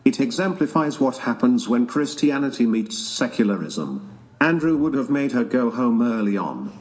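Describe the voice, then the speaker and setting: A man's voice reading out paid viewer messages in a flat, mechanical way. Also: medium pitch, normal speed. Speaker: donation message reader.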